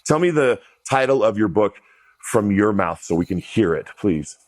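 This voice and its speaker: A man's voice: lowish voice, animated, moderate pace. A man hosting a podcast, asking direct questions in a casual, chatty way. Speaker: podcast host. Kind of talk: conversational interview.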